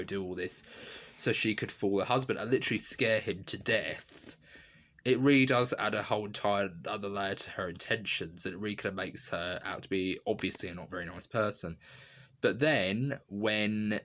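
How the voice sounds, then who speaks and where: Rambling man with a lowish voice. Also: moderate pace, a bit bright. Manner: rambling, full of "you know" and "literally". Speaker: video reviewer. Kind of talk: casual spoken review.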